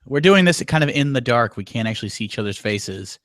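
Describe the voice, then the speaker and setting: A man's voice: medium pitch, lively intonation, a little fast, a bit bright, no echo. A man co-hosting a casual podcast, rambling and self-deprecating with lots of fillers. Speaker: podcast co-host.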